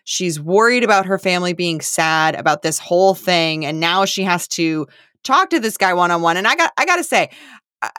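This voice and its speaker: A woman co-hosting a podcast recap, chatting casually and reacting with expressive emphasis. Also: fairly low pitch, no room sound, clean studio sound. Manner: expressive, quick to react, puts on voices for quotes. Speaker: podcast co-host.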